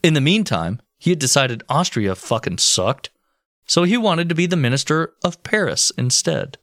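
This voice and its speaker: Man, podcast co-host, lively pitch, dry close sound, swears a lot. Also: moderate pace, dry recording. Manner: swearing, animated, deadpan jokes. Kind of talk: casual storytelling chat.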